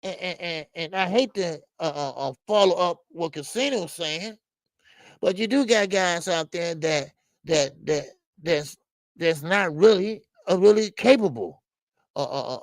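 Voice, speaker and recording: Hosting a boxing live stream, this older man talks loosely with his audience and responds to chat, leaning heavily on repeated fillers. He's animated, and his voice rises when he objects to something. There's no echo.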